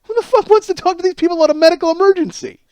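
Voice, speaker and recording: A man's voice: very high voice, very fast, a little mellow, dry recording. A man in his forties hosting a solo comedy podcast, ranting in disbelief and rambling through a story with plenty of profanity. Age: 40s. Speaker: podcast host.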